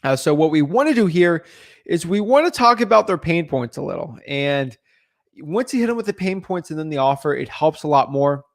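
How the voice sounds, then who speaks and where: A young man teaching in a casual livestream, talking fast with lots of fillers and calling his viewers guys. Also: a little high, lively intonation, gravelly. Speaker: real estate coach.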